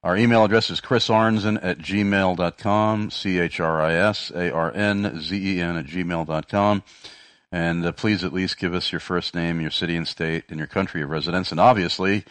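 A man with a very low voice hosting a Christian call-in radio show, sounding amused while telling stories and turning crisp and announcer-like for the break. The sound is dry and close to the mic. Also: fairly bright tone, dry recording.

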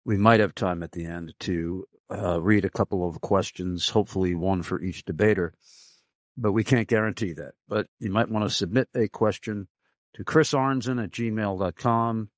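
A man hosting a radio debate, making unhurried announcements with a few fillers. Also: on the low side, steady tone, no echo, clean studio sound. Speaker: radio host and debate moderator. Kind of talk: radio moderation.

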